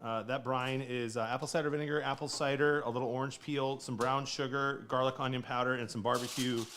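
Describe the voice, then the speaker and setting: A man hosting a casual live stream from his home kitchen, upbeat and joking, quick to laugh. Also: mid-range voice, flat delivery, a bit bright. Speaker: streamer host.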